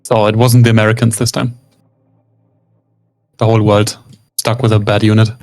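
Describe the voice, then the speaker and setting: A man's voice: fairly low pitch, little pitch movement, normal speed, a little mellow. A man from India chatting casually with a streamer while they play together. He teases dryly and explains things plainly. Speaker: stream co-player. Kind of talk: casual gaming chat.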